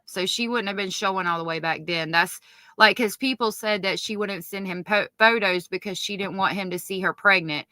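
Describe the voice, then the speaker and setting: On a livestream, a true-crime commentator reads court evidence aloud at normal speed in a low, subdued tone, correcting herself mid-read and occasionally breaking off to curse. Her voice is bright and forward, and the recording is close and dry with no surrounding room.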